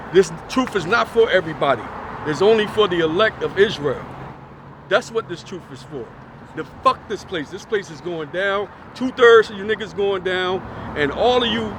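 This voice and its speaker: A man's voice: high-pitched, low-quality recording. A man teaching on the street, blunt, profane and casual. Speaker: street preacher. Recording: outdoor recording with loud traffic noise.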